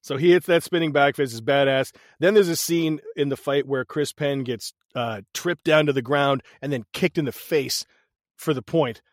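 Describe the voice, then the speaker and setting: A man co-hosting a podcast, recapping a movie in casual chat, animated and profane, laughing often. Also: medium pitch, moderate pace, no echo, clean studio sound. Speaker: podcast co-host.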